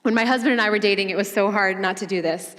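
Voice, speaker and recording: A woman teaches a women's Bible study in a relaxed, conversational way and mixes scripture with humorous asides. Her voice sits in a middle range. A long reverb trails behind her, as in a large hall. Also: medium pitch, fast.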